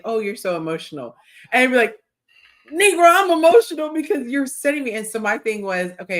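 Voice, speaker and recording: A woman hosting a podcast in casual chat, telling stories with animated quoted voices. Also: on the low side. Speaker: podcast host.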